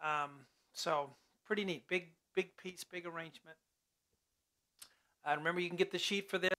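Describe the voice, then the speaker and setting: A man's voice: high voice, fairly even intonation, normal speed. Upbeat male piano teacher. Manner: casual, chatty teaching, singing note syllables. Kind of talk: online piano lesson. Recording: loud piano playing along.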